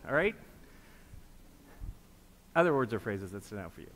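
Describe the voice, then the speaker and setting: A man's voice: mid-range voice, big pitch swings, normal speed, pauses often. Patient male pastor in a reverberant hall. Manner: inviting, patient, repeats prompts. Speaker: pastor leading a group reflection. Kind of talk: interactive liturgical teaching. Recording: long reverb with faint background noise.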